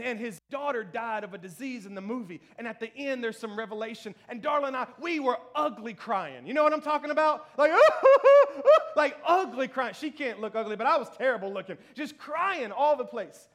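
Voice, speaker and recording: A pastor in his thirties preaches a church sermon in a very high, slightly bright voice. He's chatty and self-deprecating, laughing often and saying "you know what I mean."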